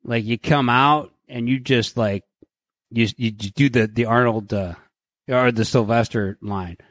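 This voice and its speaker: A man's voice: mid-range voice, unhurried, a bit bright, no echo, studio quality. A man co-hosting a podcast in casual chat, swearing freely, joking and acting out imagined conversations. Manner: profane, joking, acts out imagined dialogue. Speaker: podcast co-host.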